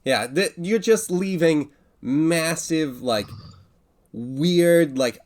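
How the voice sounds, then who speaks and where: A man's voice: on the high side, expressive, very slow, darkish tone. A man narrating as game master of a tabletop game, hesitant with many fillers.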